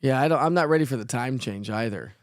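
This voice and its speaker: A man's voice: mid-range voice, expressive, fast talker, dry recording, clean studio sound. A man hosting a casual live weather show, chatty and playful, who jokes at his own expense and laughs often. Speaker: weather forecaster host.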